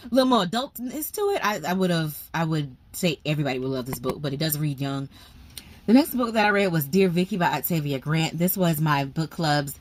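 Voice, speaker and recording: Casual book vlogger, woman, animated and chatty, speaking straight to her viewers. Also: fairly low pitch. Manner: animated, chatty, lots of fillers and asides to viewers. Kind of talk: casual book review chat.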